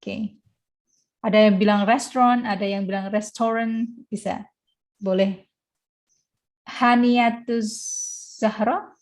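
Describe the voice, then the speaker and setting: A woman with an Indonesian accent teaching an online university English class, switching between English and Indonesian and often pausing with "uh" and "eh". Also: medium pitch, flat delivery, darkish tone. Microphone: video call.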